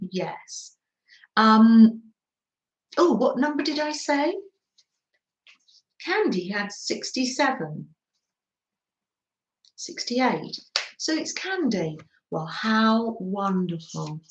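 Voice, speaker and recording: An English woman chats through a crafting livestream, gushing over everything and laughing softly. She talks slowly at a middle pitch. Her voice rings in an echoey room. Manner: chatty, gushing with frequent little laughs. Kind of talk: live-stream crafting chat.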